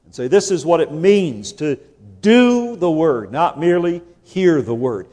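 A man preaching a sermon in a measured, emphatic way, building with rhetorical questions and repeated phrases. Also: on the high side, lively intonation, mellow, in a large hall.

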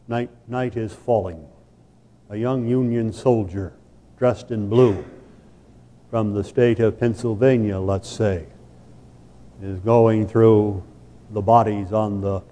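Slow, deep-voiced preacher in a reverberant hall. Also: male voice. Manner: slow, dramatic storytelling with sudden loud peaks. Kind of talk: sermon with an illustrative story. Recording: long reverb of a large hall.

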